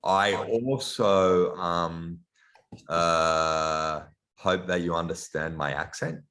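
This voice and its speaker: A man with a very low voice and an accent that blends Australian and European sounds gives a lecture over a video call. He talks in a halting way, full of ums and restarted phrases. He speaks as a middle-aged guest lecturer through a computer mic. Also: steady tone, bright, forceful tone. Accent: Australian mixed with European. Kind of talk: online lecture.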